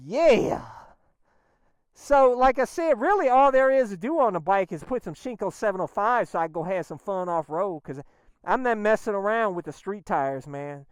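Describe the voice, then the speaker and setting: A man talking casually on a motorcycle ride, excitable and slangy, often breaking into exclamations. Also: high voice, moderate pace, clear, resonant tone, dry recording. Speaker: motorcycle vlogger. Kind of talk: casual riding vlog. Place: outdoors on a motorcycle.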